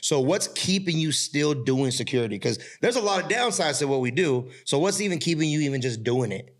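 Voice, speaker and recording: A man's voice: fairly high pitch, animated, fairly quick. A man hosting a podcast, a security guard talking casually with loose slang and lots of "like" fillers. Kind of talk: casual chat.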